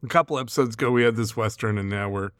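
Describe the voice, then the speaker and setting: A man co-hosting a podcast in casual chat, talking in quick asides and laughing often. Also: on the low side, a bit bright, clear, resonant tone, no room sound, studio quality. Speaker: podcast co-host.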